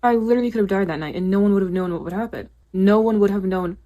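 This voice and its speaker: A woman's voice: mid-range voice, quick pace, highs cut off, slight background noise. A young woman telling her own story to the camera in a casual, confessional way, full of "like" and "literally". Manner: chatty, confessional, peppered with 'like' and 'literally'; grows indignant and emphatic.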